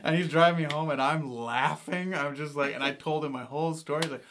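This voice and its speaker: A man in his thirties, a podcast co-host, telling a long story casually, animated and full of "like". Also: on the high side, a little fast, hardly any pauses. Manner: animated, rambling with lots of "like".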